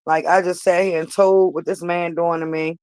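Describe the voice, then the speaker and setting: A woman's voice: lowish voice, flat delivery, moderate pace, a little mellow, smooth, no echo, poor audio. A woman vlogger telling a personal story straight to her viewers, emphatic and repeating herself for weight.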